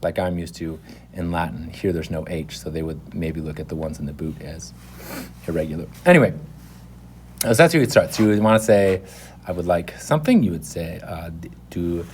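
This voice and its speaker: A man's voice: low voice, fairly quick, slight background noise. A man giving a casual, rambling spoken language lesson, correcting himself often as he goes. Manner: relaxed and rambling, with many fillers and self-corrections. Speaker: language teacher.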